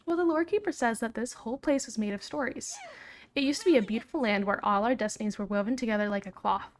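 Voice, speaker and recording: A woman's voice: a little high, fast, a little hiss or hum, lightly acted. Bold young princess, read out by a woman. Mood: earnest. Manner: reading game dialogue aloud in her own voice, no accent. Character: brave young Scottish princess, spirited, adult woman. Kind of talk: reading game dialogue aloud.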